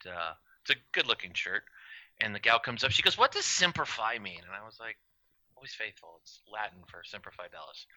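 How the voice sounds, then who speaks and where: Bright, dry-voiced storytelling man. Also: fairly low pitch, dry recording, poor audio. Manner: animated storyteller, profane. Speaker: guest co-host. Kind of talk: telling a funny story.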